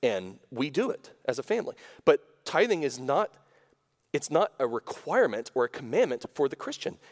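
A man's voice: mid-range voice, normal speed, long reverb tail. A man preaching a sermon as pastor, talking in a conversational way, often restarting phrases and then leaning hard on key words. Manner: conversational, self-correcting, lively emphasis. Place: church sanctuary.

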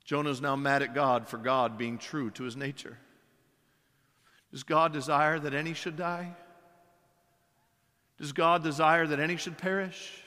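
A man's voice: fairly high pitch, fairly even intonation, measured pace, long pauses, sharp tone. A man preaching a sermon as pastor, emphatic, with many rhetorical questions and repeated words. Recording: long hall reverb.

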